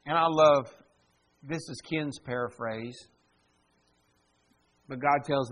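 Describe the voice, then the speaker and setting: A man preaching a sermon as pastor, swinging between quiet, intimate passages and loud, acted-out outbursts. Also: medium pitch, takes it slowly, long pauses. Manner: preaching with dramatic swings in volume and acted quotes.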